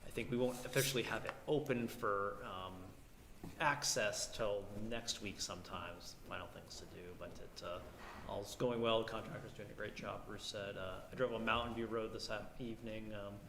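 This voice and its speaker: A man giving a casual, halting report to a town board at a public meeting. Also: lowish voice, fairly even intonation, a bit bright. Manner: casual, hesitant with many fillers. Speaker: town manager. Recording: echoey hall with background noise.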